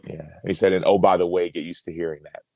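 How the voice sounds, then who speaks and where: A man with a very low, deep voice tells a personal story as a podcast guest. He speaks earnestly and reflectively, circling back on words as he works through a thought. The sound is dry and close, with no room in it. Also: level tone, fast talker, creaky, a little mellow, dry recording. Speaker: podcast guest, former pro football player.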